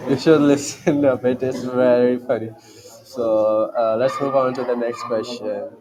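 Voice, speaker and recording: A man's voice: mid-range voice, fairly even intonation, measured pace. A man hosting an interview, asking his questions politely and with some hesitation. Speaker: host. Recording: crowd noise behind the voice.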